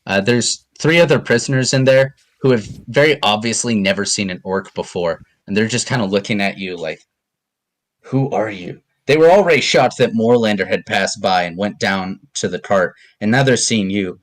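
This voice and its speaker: A man narrating as game master of a tabletop game, hesitant and filling pauses with ums. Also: fairly low pitch.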